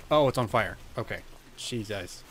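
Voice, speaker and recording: Animated male streamer cursing at a horror game. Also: medium pitch. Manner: talks to himself, swears and yells at the game. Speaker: gaming streamer. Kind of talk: let's play commentary.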